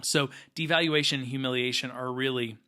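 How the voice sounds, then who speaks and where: A man's voice: medium pitch, steady tone, fairly quick, sharp tone. A man hosting an earnest explanatory talk to camera, with frequent fillers. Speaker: host.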